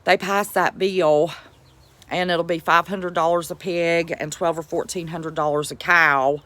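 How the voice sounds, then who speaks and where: Woman, Appalachian accent, deep voice, unhurried, folksy live-stream chat, calls folks sweetheart. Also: steady tone, fairly bright tone, dry recording. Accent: Appalachian American. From West Virginia. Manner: folksy, chatty, calls viewers sweetheart and buddy. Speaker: homestead vlogger greeting live chat.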